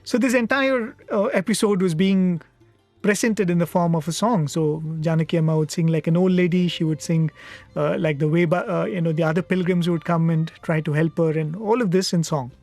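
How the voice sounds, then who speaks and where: A man from India speaking at a satsang, telling a devotional story in an unhurried, reflective way with frequent pauses. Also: on the high side, fairly even intonation, darkish tone, no echo, soft background music.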